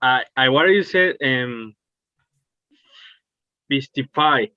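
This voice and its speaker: A male student asking a question in halting, hesitant English. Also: mid-range voice, expressive, clear, resonant tone, no echo, lo-fi sound.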